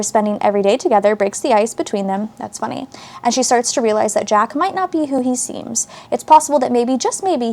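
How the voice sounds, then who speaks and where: Higher-voiced woman, book vlogger, reads blurbs aloud with chatty asides. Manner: chatty, reacts to what she reads. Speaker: book channel host. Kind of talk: casual book haul chat, reading synopses aloud.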